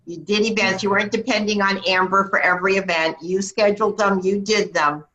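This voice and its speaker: A woman's voice: medium pitch, steady tone, fairly quick, pushed and bright, lo-fi sound. A woman hosting a team video call, cheering on and introducing members with emphatic praise. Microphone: computer mic on video call.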